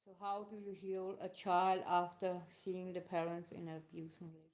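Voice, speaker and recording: Emotional woman answering questions, halting. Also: on the low side, little pitch movement, a little mellow. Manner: halting, emotional, non-native phrasing. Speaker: live show host. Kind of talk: casual live talk answering questions.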